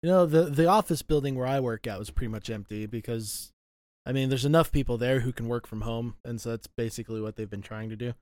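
A man in casual chat, relaxed and rambling, laughing easily. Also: mid-range voice, fast talker, no room sound, studio quality.

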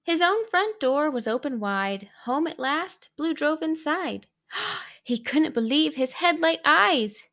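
A woman reading a rhyming picture book aloud in a sing-song, expressive way. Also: sits high, slow. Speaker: storybook reader.

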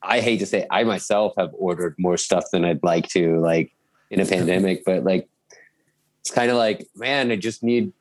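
A man's voice: low-pitched, moderate pace. A man in his thirties, a musician, chatting casually and rambling with lots of fillers and restarts. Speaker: guest musician. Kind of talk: casual chat. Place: home in Bavaria.

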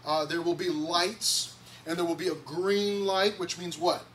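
A male pastor gives a relaxed, conversational sermon in a church and sometimes acts out the voices he quotes. His voice sits high, and the mic is set well away from him, so he sounds distant. A faint hiss runs under the recording. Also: measured pace.

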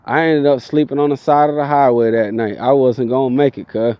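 A tired young man telling a profane, animated story in casual talk, inside a vehicle. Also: mid-range voice, fairly quick, no room sound, lo-fi sound. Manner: profane, animated, mimics people in his stories.

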